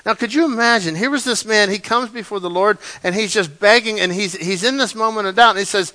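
A man preaching a sermon as pastor, animated, often repeating his words and acting out the lines of the story. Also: high voice, quick pace, few pauses.

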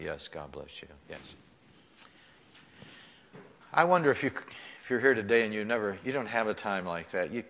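A male pastor preaching an impassioned sermon in a church, swinging between loud pleading and hushed, soft tones. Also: fairly low pitch. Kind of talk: sermon with altar call. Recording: long church reverb.

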